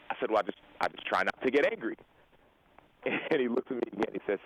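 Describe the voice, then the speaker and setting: A young man and football player telling a personal story in an interview, earnest and animated, acting out the dialogue he quotes. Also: fairly low pitch, racing, a little hiss or hum, poor audio. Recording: radio show broadcast audio.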